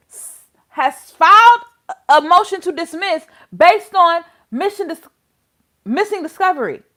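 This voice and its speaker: A woman's voice: sits high, sharp tone. A woman hosting a casual legal commentary channel, exasperated and full of rhetorical questions.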